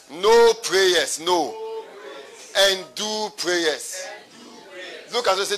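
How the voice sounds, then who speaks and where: A man's voice: sits high, takes it slowly, long pauses, fairly bright tone. A pastor preaching a sermon to his congregation, repeating his phrases and calling for responses.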